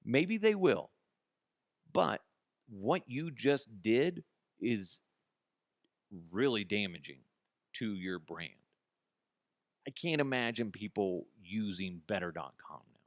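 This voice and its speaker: A man's voice: on the low side, expressive, takes it slowly, long pauses, dry recording. A man hosting his own podcast, ranting in a blunt, mocking way with lots of restarts. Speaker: podcast host. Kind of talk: casual solo podcast rant.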